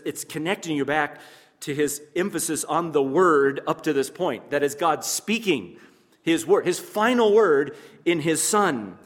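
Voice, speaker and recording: A pastor preaching a sermon to his congregation, measured and emphatic, with pauses and asides to the listeners. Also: fairly high pitch, long reverb tail.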